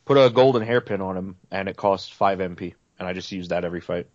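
A man co-hosting a casual podcast, relaxed and matter-of-fact, who also streams games. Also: sits low, fast, no room sound, lo-fi sound.

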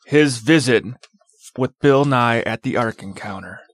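A man co-hosting a casual podcast, telling a story in an animated, exasperated rant. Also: mid-range voice, measured pace, no echo. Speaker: podcast co-host.

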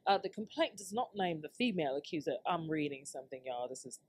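A woman's voice: sits low, expressive, quick pace, a little hiss or hum. A woman hosting her own podcast, ranting casually and loosely to her listeners, laughing and swearing as she goes. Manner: loose, laughing, profane, talks straight to listeners. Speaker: podcast host. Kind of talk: casual solo rant.

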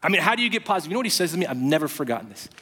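A man preaching a sermon as pastor, telling stories with animated, emphatic rising phrases. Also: a little high, rapid-fire, breathy edge. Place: church auditorium. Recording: long reverb of a large hall.

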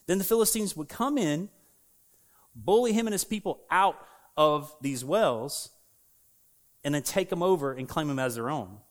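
Lively pastor telling stories. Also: male voice, on the high side, moderate pace, long pauses. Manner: animated, laughs at himself, acts out voices in his stories. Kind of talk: casual storytelling sermon.

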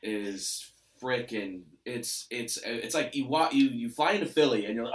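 A man's voice: medium pitch, moderate pace, few pauses, far from the mic. A male comedian from Los Angeles, telling stories in a rambling, profane way with lots of fillers and restarts. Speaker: comedian guest. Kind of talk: casual storytelling chat. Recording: roomy sound, off-mic.

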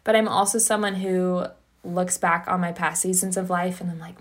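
A woman's voice: on the low side, moderate pace. A young woman hosting a casual, earnest faith conversation, using many filler words. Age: young adult. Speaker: podcast host.

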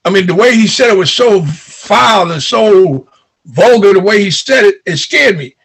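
An older man from New York looks back on his early years in an interview. His voice sits fairly high, very gravelly and raspy. He tells his stories with energy and acts out the dialogue he remembers. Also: moderate pace. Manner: animated storyteller who acts out remembered dialogue. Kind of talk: recounting childhood memories.

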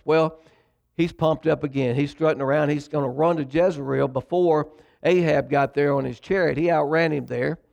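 Gravelly-voiced preacher telling a story. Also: male voice, on the high side. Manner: storytelling preacher, conversational with dramatic pauses. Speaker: pastor. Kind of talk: sermon.

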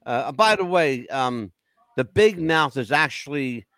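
A man co-hosting a casual roundtable chat, joking around and laughing loudly. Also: mid-range voice, measured pace, no echo. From United States. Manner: animated, joking, loud laughs. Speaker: co-host.

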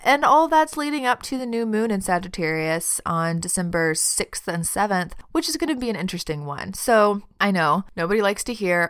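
A woman's voice: medium pitch, lively intonation, normal speed, hardly any pauses, clear, resonant tone. A woman hosting a podcast as a tarot reader, talking in a chatty, friendly way with frequent laughs. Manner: chatty and warm-hearted, laughs often, says "y'all". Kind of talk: casual podcast monologue.

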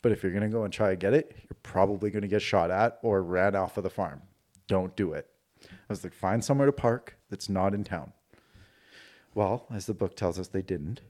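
Profane, animated male storyteller. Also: low-pitched, brisk. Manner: profane, animated, acts out quoted dialogue. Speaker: podcast guest recounting a personal experience. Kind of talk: casual storytelling.

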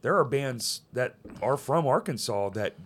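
A man's voice: mid-range voice, expressive, unhurried, fairly bright tone. A man hosting a podcast in loose, profane banter, laughing often. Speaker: podcast host. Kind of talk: casual chat.

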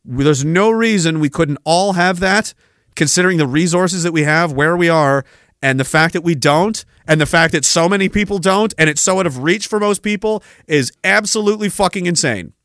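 Guy ranting on his podcast, kinda high voice, sarcastic, swears a lot. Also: normal speed, fairly bright tone, no echo, studio quality. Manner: profane, sarcastic, mocking. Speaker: podcast host.

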